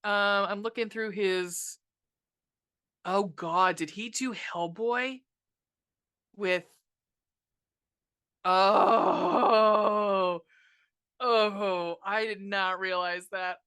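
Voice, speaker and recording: Young woman ranting about a bad movie on her podcast, sarcastic and sweary, bright punchy voice. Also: medium pitch, takes it slowly, pauses often, clean tone. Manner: sarcastic, profane, exasperated. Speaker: podcast host reviewing a movie. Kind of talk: casual ranting movie review.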